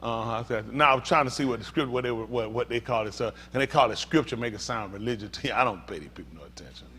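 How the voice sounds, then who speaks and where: A man preaching a sermon as pastor, swinging from hushed talk to shouting. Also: mid-range voice, quick pace, breathy edge.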